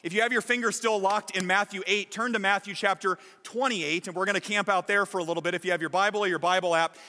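A man preaching a sermon as pastor, energetic and emphatic. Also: high voice, fast, big-room sound. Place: large church hall.

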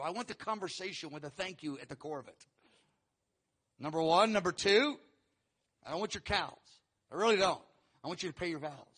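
A man preaching a sermon, teaching verse by verse and acting out quoted lines with animated, rising emphasis. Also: high voice, moderate pace. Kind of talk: sermon teaching through scripture.

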